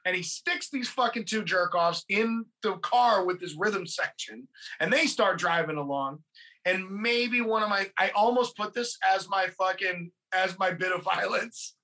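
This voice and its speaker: A podcast host retelling a movie scene by scene in a casual, swearing, animated way. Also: medium pitch, unhurried. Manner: profane, animated storytelling.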